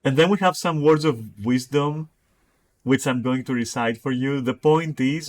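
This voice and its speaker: A man's voice: medium pitch, a little slow. A man streaming live, reading chat messages aloud and reacting with profane, mocking commentary.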